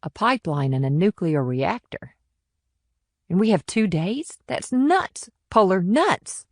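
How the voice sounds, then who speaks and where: A woman's voice: medium pitch, very animated, a little slow, darkish tone, no room sound, clean studio sound. A woman voicing a blunt, plainspoken small-town police officer in an audiobook. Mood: rattled. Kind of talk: audiobook character reading.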